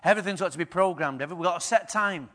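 A man pastor preaching a sermon, firing rhetorical questions at the congregation and swinging between quiet and loud. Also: sits high, very fast.

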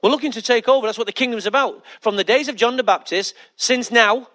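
A man's voice: very high voice, quick pace, a bit bright. A male pastor preaching a sermon emphatically, repeating key lines and putting questions to the congregation.

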